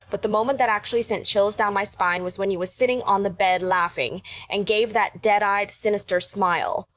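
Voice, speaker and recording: A woman giving polished, scripted commentary on a story, indignant in tone. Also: medium pitch. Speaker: channel host commenting.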